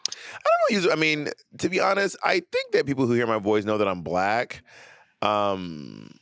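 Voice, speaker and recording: Lively, teasing male co-host, emphatic, repeats points, recorded dry and close. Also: lowish voice, moderate pace, vocal fry, clear, resonant tone, dry recording. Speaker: podcast co-host. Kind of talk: casual chat.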